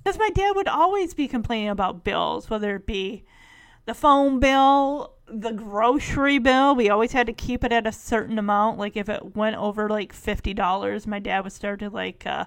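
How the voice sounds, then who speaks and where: A woman's voice: medium pitch, fairly quick, vocal fry, hardly any pauses. A woman casually recapping a sitcom episode, rambling and correcting herself with many asides. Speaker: show recap host.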